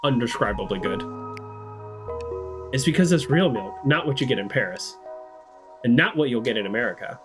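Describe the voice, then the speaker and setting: A man talking through a story game as he plays, chatty and amused, thinking out loud. His pitch swings a lot as he reacts, and game music plays clearly behind him. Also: animated, normal speed, long pauses. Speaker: game streamer. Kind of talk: let's play commentary.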